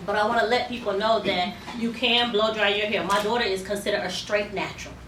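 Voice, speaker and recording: Woman stylist chatting thru a salon demo, lots of ums, mid pitch, picked up from across a roomy salon w/ background noise. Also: steady tone, fairly quick, distant mic. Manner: chatty, explanatory, frequent ums. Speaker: hair stylist. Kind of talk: salon demonstration talk. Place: hair salon indoors.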